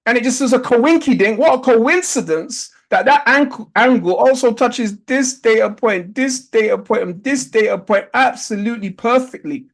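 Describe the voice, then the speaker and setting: A man's voice: extremely high pitch, animated, normal speed, few pauses, low-quality recording. A man teaching an online trading lesson over a video call, coaching in a repetitive, coaxing way with rhetorical questions. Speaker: trading instructor.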